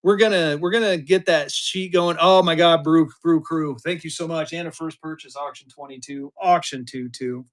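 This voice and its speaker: Chatty live-stream auction seller, man in his fifties, high-pitched, hypes every bid. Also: normal speed, few pauses. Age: 50s. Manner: chatty, upbeat, hypes the bids.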